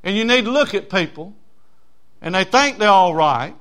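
A man preaching a sermon as pastor, folksy, swinging from loud emphasis to low asides. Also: lively intonation, normal speed, clear, resonant tone.

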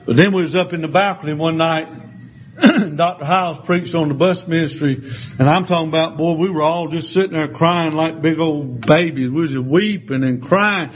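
A man preaching a sermon, telling folksy stories in an animated, down-home way. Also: on the high side, moderate pace. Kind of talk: sermon with storytelling. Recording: slightly muffled recording with faint background hiss.

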